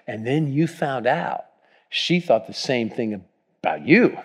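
A man's voice: medium pitch, expressive, slow. A man preaching a sermon, reading scripture aloud with emphasis and putting questions to his congregation. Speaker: pastor. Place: church.

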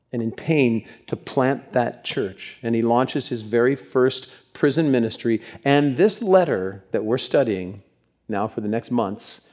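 A man's voice: mid-range voice, a little mellow, dull audio. Emphatic male pastor preaching. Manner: emphatic, builds lists of words. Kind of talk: sermon.

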